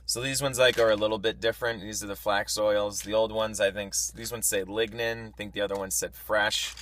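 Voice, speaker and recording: A man's voice: lowish voice, little pitch movement, a little fast, fairly bright tone, a little hiss or hum. A man recording a casual video diary on the road, talking frankly about his week, venting anger and swearing, often restarting his sentences. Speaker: vlogger. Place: on the road, travelling. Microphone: camera mic.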